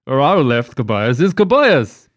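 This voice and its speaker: A man's voice: medium pitch, sing-song, a little slow, dry recording, clean studio sound. A man with an Australian accent hosting a comedy podcast, joking around while he steers the chat. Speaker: podcast host.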